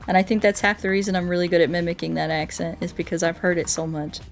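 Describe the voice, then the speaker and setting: Talking quickly in a low voice with little pitch movement, an American woman streams a game. She's chatty and playful, laughing often and speaking to her chat and animals while faint music runs underneath.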